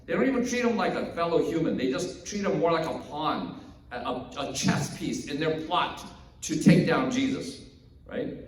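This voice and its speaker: A man's voice: a little high, moderate pace, a little hiss or hum. Preaching man in an echoing church. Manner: conversational storytelling, animated, acts out characters. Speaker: pastor. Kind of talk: sermon. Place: church sanctuary. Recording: echoey hall from far off.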